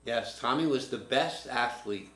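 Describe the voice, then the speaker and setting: A man's voice: medium pitch, a bit bright. Older man telling a story, roomy echo. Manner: reflective, halting, restarts mid-word. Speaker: storyteller and writing teacher. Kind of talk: personal storytelling in conversation. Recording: roomy echo, faint room noise.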